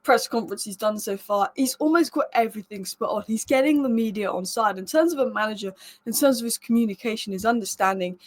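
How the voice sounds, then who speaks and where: A woman's voice: a little high, quick pace. A young woman hosting a football news show, talking casually and with strong opinions. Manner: chatty, emphatic, opinionated. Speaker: football news channel host.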